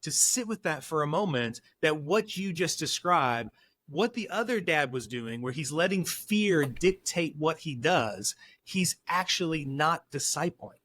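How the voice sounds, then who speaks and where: A man's voice: fairly high pitch, expressive, a little slow, fairly bright tone, dry recording. A middle-aged man, a counselor guest on a podcast, speaking earnestly and with emphasis, acting out bits of dialogue as he tells stories. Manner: earnest, emphatic, acts out dialogue while storytelling. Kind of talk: podcast interview.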